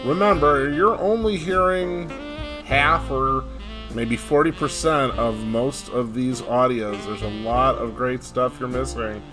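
A man hosting a podcast, closing the show in a relaxed, rambling manner with many fillers. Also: mid-range voice, measured pace. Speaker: podcast host. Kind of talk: casual show outro. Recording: guitar music playing behind.

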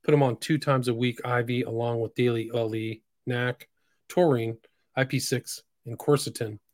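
A man of middle pitch hosts a solo podcast, reading posts aloud in a mostly flat delivery. He breaks into sudden loud, emphatic bursts. The sound is dry and close, with no room around it. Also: moderate pace, no echo. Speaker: podcast host.

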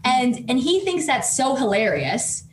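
A woman researcher telling a lively story as an interview guest, with plenty of "like"s and restarts. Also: high voice, a little slow, roomy sound, slight background noise. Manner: lively anecdote full of "like" and restarts. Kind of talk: storytelling in conversation.

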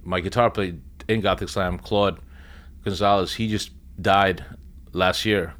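A middle-aged drummer from the US East Coast, telling tour stories as an interview guest, swearing constantly with lively energy. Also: male voice, deep voice, unhurried. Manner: profane, animated storyteller. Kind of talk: casual interview storytelling.

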